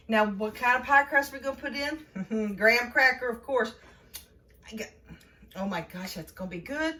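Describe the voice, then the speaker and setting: A woman's voice: fairly high pitch, fairly bright tone, distant mic, a little hiss or hum. A middle-aged woman giving a casual home cooking demonstration in her kitchen, chatty and folksy, laughing often.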